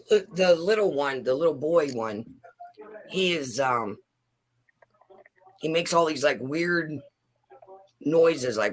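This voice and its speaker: A woman telling a funny story in casual group chat, animated and laughing as she talks. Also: deep voice, slow pace, pauses often. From Pennsylvania, USA. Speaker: chat participant.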